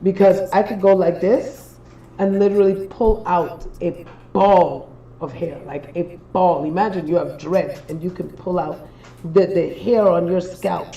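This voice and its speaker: A woman's voice: on the low side, fairly even intonation, measured pace, dark tone, roomy sound, recorded from a distance, dull audio. A young Trinidadian woman, a spiritual reader hosting a casual livestream, tells a story in an emphatic, profane way, repeating phrases for effect.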